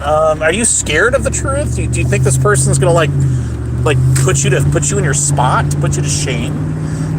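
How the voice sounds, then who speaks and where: A man rants from the driver's seat during a livestream, swearing freely and picking fights with viewers as he rambles. His voice sits a little high and rises and falls sharply. Steady car and road noise fills the background. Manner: profane, combative, rambling. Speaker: livestream host. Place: car, driving home. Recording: noisy car cabin.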